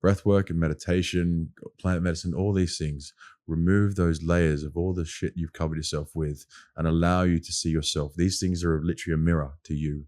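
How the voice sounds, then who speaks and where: A man's voice: sits low, fairly even intonation, fairly quick, a little mellow. A man with an Australian accent, talking as a podcast guest in casual conversation, earnest and emphatic, often repeating his points.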